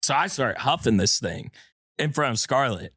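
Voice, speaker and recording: A man co-hosting a podcast with a congested chest, telling a story in casual chat and acting out quotes in a shrill voice. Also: expressive, normal speed, a bit bright, breathy edge, no room sound, studio quality. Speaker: podcast co-host.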